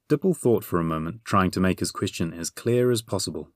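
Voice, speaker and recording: Male audiobook narrator, low, measured, dry close read. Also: no room sound. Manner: measured, gently humorous storytelling. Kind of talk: scripted fantasy narration.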